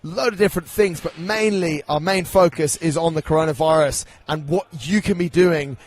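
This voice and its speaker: A man's voice: a little high, brisk, no room sound. A man hosting a podcast, upbeat and chatty as he introduces the show and interviews a guest. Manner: upbeat, chatty, reads sponsor plug. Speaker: podcast host.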